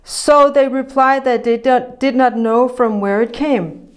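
A woman preaching a sermon in a lively, conversational way, acting out quotes and laughing often. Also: on the high side, a little slow.

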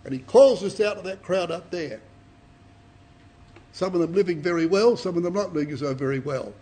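A man's voice: high-pitched, normal speed, mellow. A man preaching a Bible study to a congregation, reading scripture dramatically and asking rhetorical questions.

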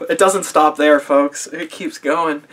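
A man's voice: fairly high pitch, fairly even intonation, slow pace, a bit bright. A man recapping an anime episode in a casual video review, sarcastic and profane, laughing often, recorded on a camera mic.

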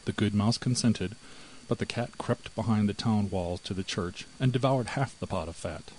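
A man narrating a fairy tale in an expressive, measured storybook reading. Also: on the low side, slight background noise, low-quality recording. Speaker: audiobook narrator.

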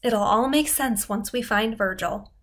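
A woman's voice: on the high side, a little slow, fairly bright tone. A woman reading as an eager, secretive girl pressing a friend to help her. Her lines come out urgent and pleading in a storybook reading.

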